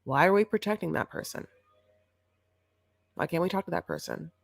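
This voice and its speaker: A woman's voice: on the low side, moderate pace, vocal fry. A young woman co-hosting a TV recap show, chatting casually in a sarcastic, rambling way. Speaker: co-host of a reality TV recap show. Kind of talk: casual chat.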